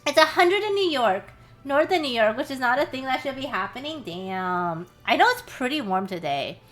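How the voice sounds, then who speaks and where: A young American woman streams from a small, warm room, chatting casually with her viewers. She swears and laughs a lot, speaking at a normal speed in a high, very animated voice.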